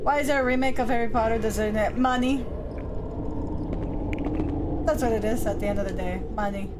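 A woman's voice: fairly high pitch, brisk, heavy background noise. A woman streaming a game from home, chatting casually with her viewers and her cat as she plays. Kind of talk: casual gameplay commentary.

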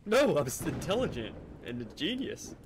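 A young man with a fairly high voice chats over a horror game with friends, joking, laughing a lot and crying for help when trapped. Faint noise hums under his voice. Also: big pitch swings, normal speed. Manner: joking, laughs often, panicky when stuck. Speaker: streamer. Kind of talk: casual gaming chat.

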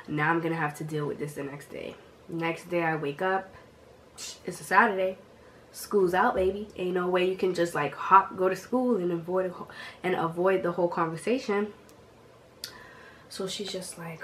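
A young woman in her twenties, sick with a cough, telling a slangy, animated storytime to her viewers. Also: on the low side, normal speed, slight background noise. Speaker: vlogger. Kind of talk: casual storytime vlog.

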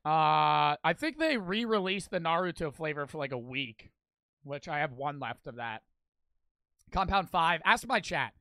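A man's voice: a little high, expressive, a little slow, creaky, sharp tone, dry recording. A young man livestreaming, chatting loosely and crudely with his chat, reading out donations and a little out of breath. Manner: loose, profane, talks straight to chat. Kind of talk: casual live stream chat, reading donations.

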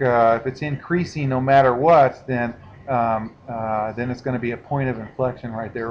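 A male math teacher walks through a lesson in a relaxed, conversational manner, pausing to check that students are following. His voice sits a bit high for a man. The recording is dull and lo-fi with a faint hiss underneath. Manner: casual, explanatory, checks in with listeners. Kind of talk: recorded classroom lecture.

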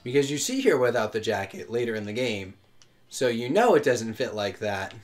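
A man's voice: mid-range voice, lively intonation, moderate pace, soft background music. A young American man co-hosting a casual gaming chat, rambling and opinionated with lots of fillers. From United States. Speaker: co-host playing a video game.

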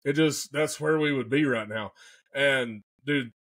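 A man, a podcast guest telling a story in an excitable, animated way and often saying "man" and "dude". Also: mid-range voice, measured pace. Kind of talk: casual storytelling.

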